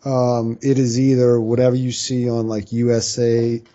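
A man from New Orleans, a guest on a sports podcast, trading dry deadpan one-liners. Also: mid-range voice, normal speed, highs cut off. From New Orleans, Louisiana. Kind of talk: casual sports podcast chat.

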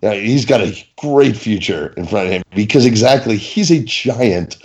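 A man in casual chat about wrestling, profane and animated, slipping into mock-indignant banter. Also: on the low side, moderate pace, slightly rough, highs cut off.

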